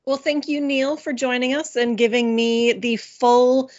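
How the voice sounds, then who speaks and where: A woman's voice: a little high, steady tone, a little slow, a little mellow, lo-fi sound. A woman hosting an interview, speaking lightly and thanking her guest. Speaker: interview host. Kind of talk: casual interview talk.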